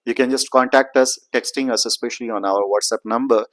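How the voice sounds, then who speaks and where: A man explaining accent training, slowing down to model words and sentences. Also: medium pitch, fairly even intonation, fairly bright tone. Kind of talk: pronunciation lesson.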